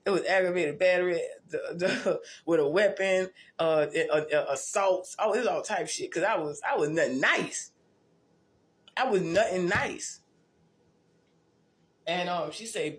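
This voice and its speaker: A woman's voice: fairly low pitch, unhurried. Lady just talking, cussing a lot, keeps restarting her sentences. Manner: blunt, profane, restarts and repeats. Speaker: vlogger telling her life story. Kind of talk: casual storytelling monologue.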